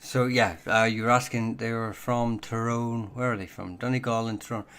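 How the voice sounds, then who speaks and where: A man's voice: medium pitch, steady tone, normal speed, a bit bright, clear, resonant tone. A man hosting a casual live Q&A stream on surnames and heraldry, talking in a hesitant way full of ums and self-corrections. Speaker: livestream host answering viewer questions on Irish surnames.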